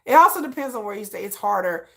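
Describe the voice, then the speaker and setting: A woman's voice: mid-range voice, expressive, fast, bright, forceful tone. A middle-aged woman from Michigan with a slight Texan tinge, talking frankly in an interview and often repeating herself and restarting. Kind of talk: candid personal talk.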